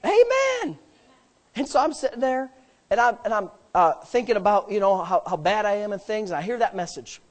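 A middle-aged man preaches to his congregation. His delivery swings from plain, conversational storytelling into loud, fervent proclamation. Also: high-pitched, brisk. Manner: impassioned, rising to loud emphatic preaching. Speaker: pastor. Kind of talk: sermon.

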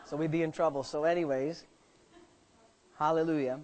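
A preacher delivering a sermon, firing rhetorical questions at the congregation and shifting between quiet asides and loud, slowed-down emphasis. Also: mid-range voice, steady tone, a faint crowd. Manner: jokes lightly with the listeners.

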